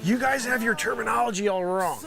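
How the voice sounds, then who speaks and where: A man's voice: high-pitched, brisk, gravelly, over music. A man hosting a live stream, riffing through an improvised comedy bit as a street reporter with rambling, teasing asides. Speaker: live-stream variety host.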